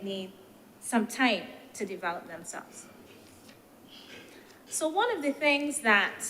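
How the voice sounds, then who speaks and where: A woman senator speaks in a measured, deliberate way, posing rhetorical questions in a debate. Her voice has a middle pitch and carries a long reverb from the senate chamber, with a faint hiss of background noise under it. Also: a bit bright. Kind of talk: parliamentary debate speech.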